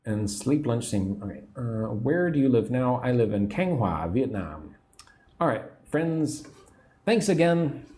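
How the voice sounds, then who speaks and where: A man teaching English on a livestream, speaking slowly and patiently, repeating phrases and explaining words simply while reading chat comments. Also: mid-range voice, very animated, mellow. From United States.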